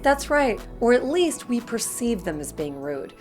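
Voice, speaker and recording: A woman in a tips video, a communication coach talking straight to the viewer, chatty and expressive, acting out little scenes. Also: a little high, a little slow, soft background music. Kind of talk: direct-to-camera tips video.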